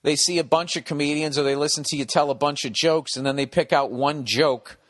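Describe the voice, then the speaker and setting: A man's voice: on the high side, steady tone, a little fast, no echo, studio quality. A man hosting a comedy podcast, reading a listener's letter aloud and breaking off with rambling, profane, wry asides.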